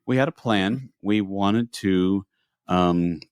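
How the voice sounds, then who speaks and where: Male podcast co-host, low voice, animated storyteller who voices the people he quotes, dry recording. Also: slow, clean tone, no echo. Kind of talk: casual storytelling chat.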